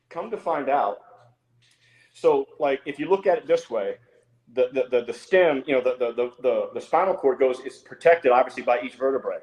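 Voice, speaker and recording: A middle-aged man tells a story on a podcast, dropping curses and switching to a raised voice whenever he quotes someone. His voice sits at a medium pitch. The sound carries a roomy echo. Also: moderate pace. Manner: animated, swears freely, acts out quotes in a higher voice. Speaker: podcast guest. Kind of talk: casual storytelling.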